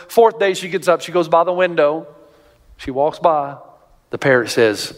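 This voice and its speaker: A male pastor preaching a sermon, animated and storytelling, often jumping up in pitch to act out other people's voices, in a large church auditorium. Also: moderate pace. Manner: animated storytelling, jumps high for quoted voices. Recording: long reverb of a large hall.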